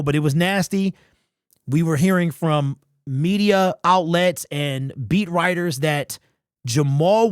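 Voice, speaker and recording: A man's voice: a little high, no room sound, clean studio sound. A man giving an opinionated, conversational sports commentary as a channel host, emphatic and repeating his points.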